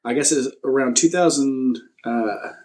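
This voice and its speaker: A relaxed man talks about himself as a guest on a podcast, his mid-pitched voice easygoing. He hesitates often and pokes fun at himself. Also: normal speed. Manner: laid-back, self-deprecating, hesitant with fillers. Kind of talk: casual interview chat.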